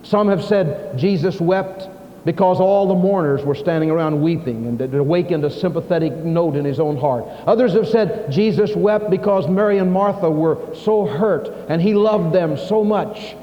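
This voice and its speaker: A male preacher delivering a sermon with strong, emphatic storytelling. His voice sits somewhat high for a man. The recording is muffled and the hall leaves a long echo. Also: normal speed.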